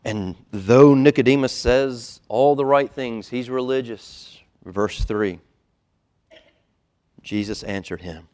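A male pastor preaching a sermon in a church auditorium. He moves from hushed, low asides to loud, emphatic stretches and acts out quoted lines in a dropped, quiet voice. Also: slow pace.

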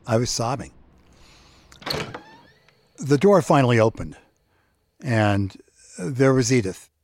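A man telling a personal story in a reflective, halting way. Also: mid-range voice, big pitch swings, a little mellow, dry recording. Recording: music bed underneath.

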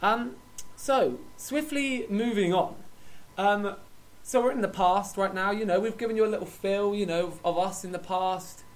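A man's voice: high voice, moderate pace. A man co-hosting an improvised comedy show in a theatrical, mock-emotional way. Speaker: comedy podcast co-host.

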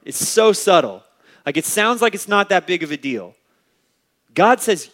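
Conversational male pastor preaching, somewhat high-pitched, earnest and plainspoken. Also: very animated, normal speed, a bit bright. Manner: conversational, uses "like" often; earnest, exhorting. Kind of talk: sermon.

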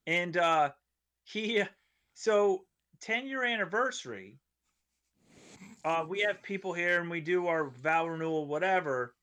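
A man, a comedian guest on a studio podcast, telling a rambling story in an animated way and acting out the voices of people in it. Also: sits high, a little slow, long pauses, clean tone. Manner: animated, acts out voices in his stories, rambling tangents.

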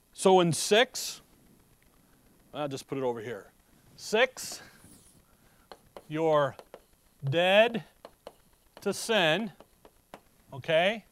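Speaking slowly with long pauses, a preacher whose animated voice sits high works through a Bible sermon, reading verses and asking rhetorical questions conversationally. He has a slight Chicago accent, and there's no echo.

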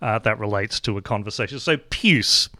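A man's voice: fairly low pitch, expressive, normal speed, bright, forceful tone. A man with an Australian accent hosting a podcast, chatting casually in a wry, joking manner. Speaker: podcast host. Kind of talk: casual chat.

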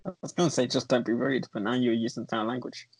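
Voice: mid-range voice, steady tone, quick pace, slightly rough, dry recording. A podcast co-host joking along in playful, giggly banter. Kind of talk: casual banter.

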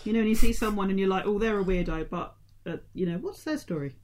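A woman's voice: medium pitch, fast, darkish tone. A woman co-hosting a podcast, musing thoughtfully and fondly about films and acting out little quotes. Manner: thoughtful, enthusiastic, acts out quotes. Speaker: podcast co-host. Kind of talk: casual film chat.

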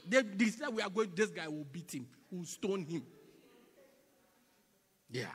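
A male preacher delivering a sermon in a church, swinging between loud emphatic cries and hushed whispers and repeating phrases in a call-and-response rhythm. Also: sits high, very animated, measured pace, long pauses, big-room sound, slight background noise. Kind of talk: sermon with congregational prayer.

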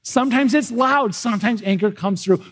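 Husky high-voiced male pastor preaching. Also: normal speed, fairly bright tone. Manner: conversational, self-interrupting with repeated words. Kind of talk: sermon. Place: church, livestreamed worship.

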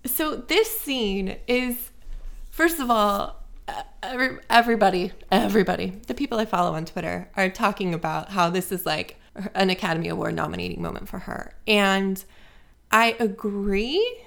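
A woman's voice: mid-range voice, moderate pace, creaky, fairly bright tone. A woman co-hosting a casual podcast, telling a story in a loose, chatty way with lots of fillers and frequent swearing. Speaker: podcast co-host. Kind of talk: casual chat, movie review.

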